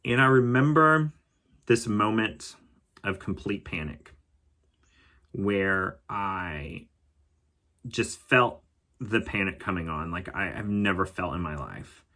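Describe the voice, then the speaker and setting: A man calmly telling a personal story as a podcast host, reflective and unhurried. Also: deep voice. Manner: calm, reflective storytelling with occasional laughs.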